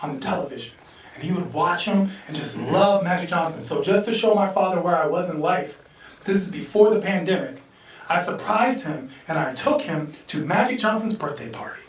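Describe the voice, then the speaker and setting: A male stand-up comedian telling a loose, animated story and acting out the quotes, at a live comedy venue. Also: fairly high pitch, normal speed. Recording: echoey room, distant mic.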